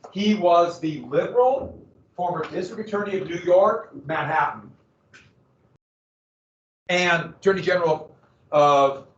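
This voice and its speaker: A male history teacher lectures his class in a relaxed, conversational way, tossing in asides and questions to the students. His voice sits a bit on the high side. He was recorded from across a roomy, echoing classroom, and the sound is dull. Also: distant mic.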